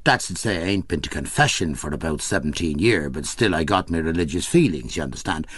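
A man's voice: rumbling low, animated, a little fast, fairly bright tone, no echo, pitched below the performer's own voice, full character voice. A man voicing a self-pitying, down-and-out Irish male tramp, whimpering and gloomy, with an Irish accent. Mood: gloomy whining.

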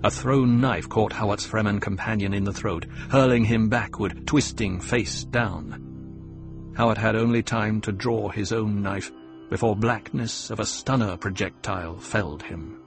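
A man narrating an audiobook in a measured, dramatic reading. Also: on the low side, vocal fry, music in the background. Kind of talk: scripted narration.

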